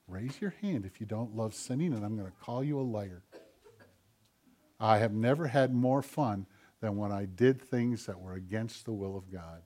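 A man preaching a sermon who acts out prayers and God's replies in quoted voices, swinging from loud urgent appeals to low hushed asides. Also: moderate pace. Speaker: pastor.

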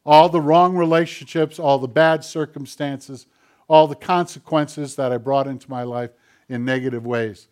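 A man preaching a sermon who acts out prayers and God's replies in quoted voices, swinging from loud urgent appeals to low hushed asides. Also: steady tone, normal speed. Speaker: pastor.

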